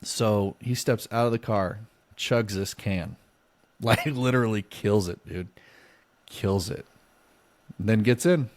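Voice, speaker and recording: Lower-voiced man telling a story. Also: slow, pauses often, no echo. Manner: animated, acts out both sides of dialogue. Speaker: podcast co-host. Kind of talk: casual storytelling.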